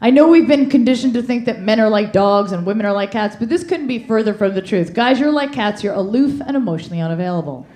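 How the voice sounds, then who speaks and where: A woman's voice: medium pitch, lively intonation, fast talker, few pauses, a little mellow. A female stand-up comedian on a comedy club stage, doing playful observational bits that act out how dogs and cats behave.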